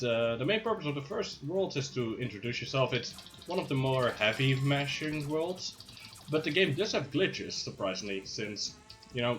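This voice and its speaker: A man commentates his speedrun live with a lively, bouncing delivery full of playful, hyped asides. His pitch swings widely from phrase to phrase, and faint game music plays under his talk.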